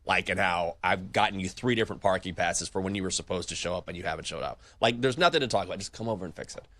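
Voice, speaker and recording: A man's voice: low voice, fast. A man co-hosting a sports betting show, telling stories in casual chat and acting out the voices he quotes. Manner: animated storyteller, acts out quoted voices.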